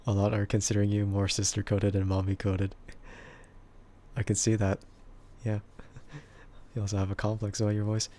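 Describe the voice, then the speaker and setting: A man with a husky, bassy voice chatting casually with stream viewers and laughing often between remarks. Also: monotone, moderate pace, pauses often, mellow. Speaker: VTuber streamer.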